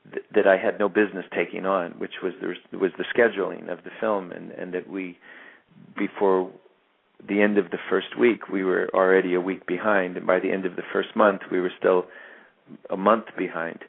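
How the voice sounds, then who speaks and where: Interviewed about his work, an actor in his fifties spins a long story in a very low, gravelly voice. He keeps restarting and repeating words while hunting for the right phrase, and the audio is thin and narrow, as if over a phone line.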